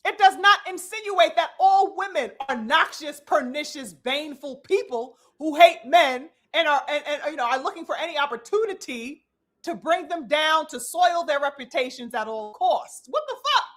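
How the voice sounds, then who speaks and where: A woman's voice: sits high, normal speed. A woman giving impassioned live commentary, preachy and emphatic, swearing freely and addressing her listeners as brothers and sisters. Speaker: commentary host.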